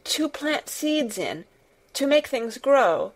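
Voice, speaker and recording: A woman voicing an anxious, eager little girl who speaks in a halting, tremulous way. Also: high-pitched, big pitch swings, voice pushed up, full character voice. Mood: pleading.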